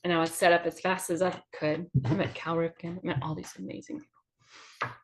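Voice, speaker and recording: A woman's voice: fairly low pitch, level tone. A woman from Georgia with a Southern accent, a comedian telling a chatty, profane story over drinks. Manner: chatty, profane, quick anecdotes. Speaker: comedian guest.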